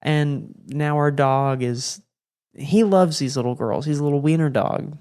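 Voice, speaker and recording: A young man hosting a podcast, telling rambling stories in a relaxed, slangy way. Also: fairly high pitch, a little slow, clean tone. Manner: laid-back, rambling, slangy with lots of "like" and "bro". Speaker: podcast host. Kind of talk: casual storytelling monologue.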